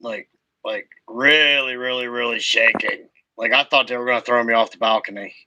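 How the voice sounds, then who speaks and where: A man hosting a casual livestream recap, telling his story slowly with halting restarts. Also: mid-range voice, fairly even intonation, background noise. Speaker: host.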